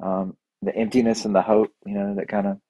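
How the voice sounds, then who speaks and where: Casual male podcast host, rambling and enthusiastic storyteller, lower voice, dry sound. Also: little pitch movement, a little fast, warm tone, no echo. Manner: rambling and enthusiastic, with many restarts.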